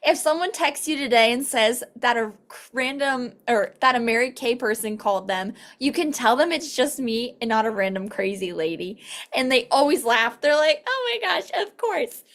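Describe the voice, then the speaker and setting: A woman's voice: on the high side, normal speed, fairly bright tone. Upbeat woman leading a video-call training. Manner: upbeat and chatty, acts out quoted dialogue. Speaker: sales team trainer. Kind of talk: casual online training talk.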